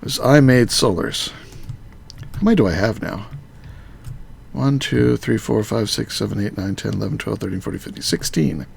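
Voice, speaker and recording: A man casually talking through a modded game on a live stream, muttering to himself with halting fillers. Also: on the low side, vocal fry, slightly rough.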